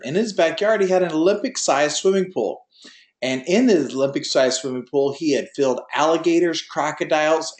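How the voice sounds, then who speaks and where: A man's voice: a little high, reverberant. Folksy man lecturing with many fillers. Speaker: drone pilot test prep instructor. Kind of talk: online class lecture with a told joke. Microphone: video call.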